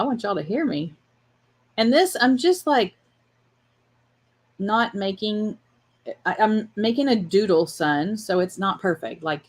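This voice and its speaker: A woman hosting a casual livestream drawing lesson, chatting while she draws and laughing often. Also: mid-range voice. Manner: chatty and warm-hearted, laughs often, chats to her dog while drawing. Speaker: art class host.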